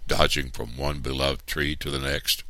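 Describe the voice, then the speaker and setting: A man reading a storybook aloud in an expressive, unhurried way. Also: extremely low pitch, no echo.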